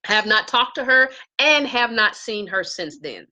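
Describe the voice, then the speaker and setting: A woman casually telling a story to live viewers from her home, acting out quoted lines in a higher voice. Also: unhurried, dull audio. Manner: animated, acts out quotes in a high voice. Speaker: live-stream vlogger. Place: home with herbs around.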